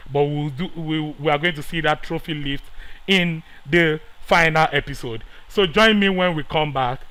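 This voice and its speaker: A man talks his way through a football management match as a gaming creator, muttering under his breath one moment and pleading loudly the next. His voice sits a little high and comes across crisp, bright and forward. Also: poor audio. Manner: excitable, swinging from quiet muttering to shouting and pleading. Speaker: gaming YouTuber. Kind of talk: live reaction commentary over a football management game.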